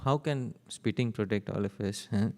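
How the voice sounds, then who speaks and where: A man's voice: fairly low pitch, moderate pace, creaky, dark tone. A man preaching a devotional sermon, telling stories and asking his audience questions. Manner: chanting verses, asking the audience rhetorical questions. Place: temple hall. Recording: reverberant temple hall.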